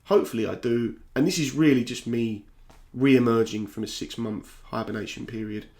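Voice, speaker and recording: A man's voice: mid-range voice, normal speed, darkish tone. A young man from South London with a South London accent, speaking candidly to camera in a reflective vlog, often stopping to restart his sentences. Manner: candid, restless, repeats himself and restarts. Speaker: YouTuber. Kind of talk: reflective talking-head vlog.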